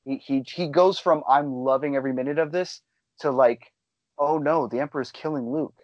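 A man in casual conversation, telling stories with enthusiasm and slipping into quick impressions of the people in them. The recording is dry and a little muffled, with no room sound. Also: medium pitch, dry recording. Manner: animated storyteller, acts out quotes. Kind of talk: casual chat.

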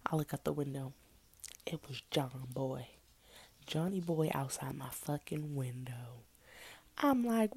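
A woman telling a casual story in slangy, animated talk, with sudden loud outbursts. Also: low-pitched, a little slow, creaky, pauses often, husky.

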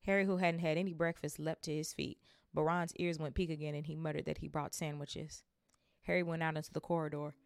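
A young woman reads a novel aloud for her book club podcast and keeps drifting into chatty asides, swearing casually as she goes. Her voice is deep and full of vocal fry. The recording is close and dry. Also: flat delivery, a little fast, dry recording.

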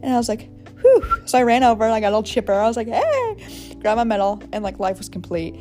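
A woman's voice: medium pitch, fairly even intonation, very fast, dark tone, faint music behind. A young adult woman hosting a casual solo podcast, rambling with lots of fillers and acting out her own quoted thoughts. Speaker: podcast host.

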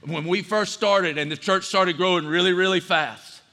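A pastor preaching a sermon, a man who tells animated stories and acts out the voices of people he quotes. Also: sits high, moderate pace. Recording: church hall reverb.

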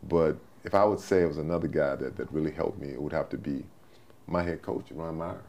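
Brief: man, 60s, very deep gravelly voice, folksy storyteller. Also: brisk, darkish tone. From Texas, USA. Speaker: guest, former football player. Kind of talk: storytelling interview.

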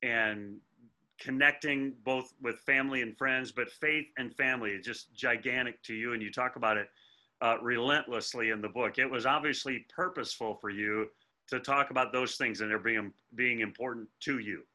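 A man interviews a guest with a very bright, sharp-edged voice at a middle pitch. He chats casually and winds through long questions. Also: fairly even intonation, normal speed. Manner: chatty, asks long winding questions.

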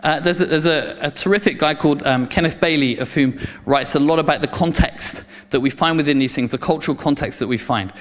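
Male preacher, slightly high voice, animated sermon with stumbling restarts and acted crowd voices, long hall reverb. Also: brisk, few pauses.

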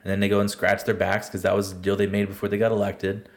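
This man speaks quickly in a low-leaning monotone while co-hosting a podcast. His political talk is loose and full of profanity, with restarted sentences and chuckles at his own humor.

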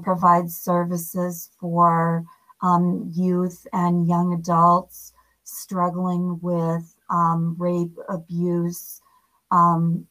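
Woman, fifties, flat low delivery, unhurried, halting guest. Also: poor audio. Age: 50s. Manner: soft-spoken, halting with many fillers. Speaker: podcast guest. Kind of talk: candid interview talk.

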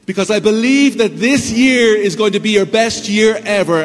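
Man, pastor, sermon, high-pitched, animated storyteller, long reverb, faint music. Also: normal speed, few pauses. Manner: animated storytelling, sound effects and imitations.

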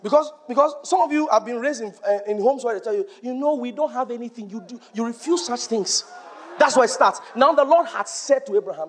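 Husky high-voiced male preacher. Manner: emphatic, rising to shouts on key points; quotes scripture in old-fashioned wording. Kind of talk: church sermon.

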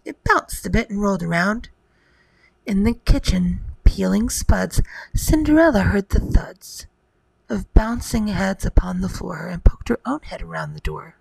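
A woman's voice: mid-range voice, expressive, a little slow, vocal fry, breathy edge, dry recording, poor audio. A woman telling a rhymed bedtime story to the listener in a whispered role-play.

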